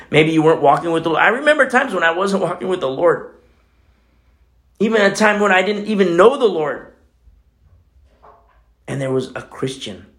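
A man preaching a casual, conversational sermon in church, telling a personal story with many fillers. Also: on the high side. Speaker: pastor.

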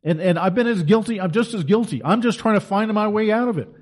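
A man's voice: high-pitched, fast, darkish tone. A middle-aged man delivering an impassioned, preaching monologue as a Christian commentator, emphatic and full of rhetorical questions.

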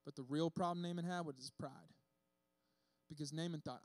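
A man preaching a sermon in a casual, lively storytelling way, acting out the characters' lines. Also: fairly high pitch, normal speed, no room sound. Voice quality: bearded speaker. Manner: casual, animated storytelling with acted-out quotes.

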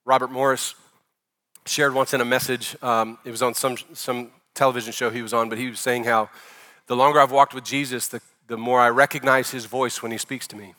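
A male pastor in his forties delivering a sermon in a bright, forceful voice. He preaches conversationally, pushing some phrases out loud and letting others fall to a near hush. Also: mid-range voice, little pitch movement, fairly quick. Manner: conversational preaching, rising loud for emphasis then dropping soft.

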